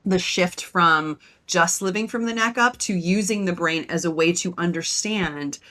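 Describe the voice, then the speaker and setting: A woman's voice: on the low side, unhurried, a bit bright. A woman hosting a casual podcast, direct and frank, asking questions and giving advice. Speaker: podcast host.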